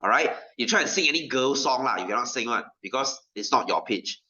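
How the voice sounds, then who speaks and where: A man's voice: medium pitch, lively intonation, brisk, pushed and bright. A male science teacher, lecturing a class in a chatty way, often checking understanding and adding local particles like "lah". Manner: chatty, keeps checking understanding with "right?" and "okay?". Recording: dull lo-fi recording.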